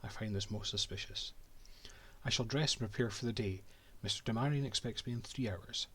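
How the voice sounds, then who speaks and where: A man's voice: on the low side, brisk, fairly bright tone, slightly rough. A Scottish man reading as a pompous cartographer. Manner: pompous, old-fashioned diary prose. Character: haughty male Scottish cartographer writing his diary. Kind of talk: reading a game diary aloud.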